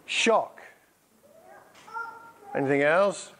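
Middle-aged male preacher, somewhat high pitch, energetic storyteller. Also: drawn-out words, slight background noise. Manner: lively storytelling, repeats answers back. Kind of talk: sermon with audience questions. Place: church hall.

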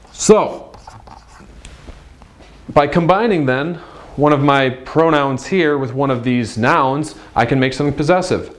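A man hosting a beginner language lesson, speaking at an unhurried, deliberate pace. He is upbeat and repeats each new word several times so learners can follow. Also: medium pitch. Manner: upbeat, drills words slowly with repetition. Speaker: Chinese language teacher. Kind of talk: classroom-style language lesson.

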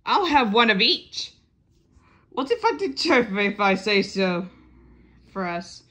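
A woman's voice: medium pitch, sing-song, slow pace, pushed and bright. A woman hosting a children's puppet show, talking in a playful, chatty way. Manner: playful, chatty, sings along.

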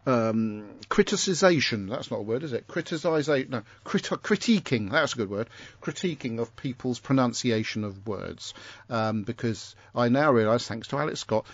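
A man's voice: mid-range voice, expressive, moderate pace, dry recording. A man with a southern English accent hosting a podcast in a rambling, self-correcting chat. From Isle of Wight. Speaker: podcast host. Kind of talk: casual chat. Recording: dull lo-fi home recording.

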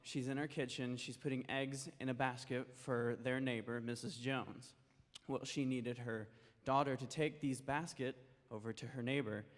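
Brief: male children's-story teller, folksy and gentle, long reverb of a church hall. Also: medium pitch, fairly even intonation, moderate pace. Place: church sanctuary.

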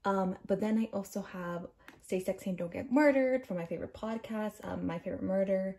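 A book vlogger in her twenties, with a mellow mid-range voice, gives a fairly quick, casual tour of her bookshelves. She rambles with lots of fillers and is slightly out of breath.

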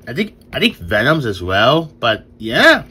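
Excitable young man reviewing a toy. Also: medium pitch, unhurried, slightly rough. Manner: excitable, stumbling over words, laughing often. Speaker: toy reviewer and channel host. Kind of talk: casual toy review vlog. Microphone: new phone camera.

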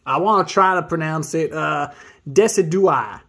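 A man hosting a casual pack-opening video, excitably reading card names aloud and hyping himself up. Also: fairly high pitch, unhurried. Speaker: host opening card packs.

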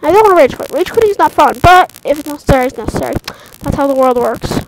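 A young woman commenting on her own gameplay in casual chat, excitable, yelping and tossing out silly mock curses. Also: high-pitched, fast talker. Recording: noisy home mic recording.

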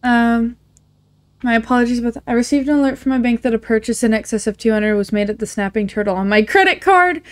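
A woman hosting a let's play, reading game messages aloud in a casual way, with quick asides. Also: on the high side, clear, resonant tone. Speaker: gaming channel host.

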